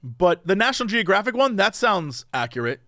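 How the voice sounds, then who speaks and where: Lively high-voiced man chatting. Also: a little fast, no echo, clean studio sound. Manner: rambling, animated, full of restarts and fillers. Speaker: podcast co-host. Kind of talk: casual chat.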